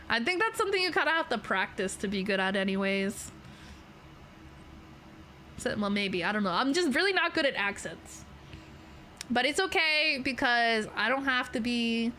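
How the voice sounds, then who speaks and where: With a fairly high, sharp-toned voice and a Canadian accent, a young woman VTuber chats casually on stream from a home setup in her bedroom. She rambles playfully and laughs a lot, and a little hiss or hum can be heard.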